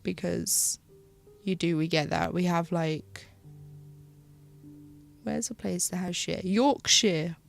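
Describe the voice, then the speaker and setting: A woman's voice: fairly low pitch, slow, vocal fry, pauses often, soft background music. A British woman streaming live, chatting casually while she cross-stitches, rambling and losing her thread. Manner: rambling, chatty, loses her train of thought.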